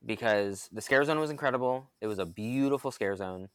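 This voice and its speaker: A man's voice: mid-range voice, brisk, clear, resonant tone, dry recording. A man co-hosting a casual podcast chat, enthusiastic and long-winded, full of fillers and restarts. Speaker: podcast co-host.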